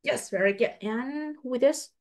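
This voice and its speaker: A woman English teacher, patiently testing a young pupil and repeating her questions slowly. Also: a little high, a little mellow. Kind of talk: online English test with a child.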